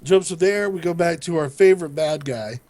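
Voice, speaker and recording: A man's voice: on the high side, fairly quick, darkish tone, dry recording. A man talking casually as a show host, loosely retelling a TV episode in his own words, rambling and laughing along the way. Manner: rambling recap with laughs, quoting characters loosely. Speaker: podcast co-host recapping TV. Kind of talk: casual chat.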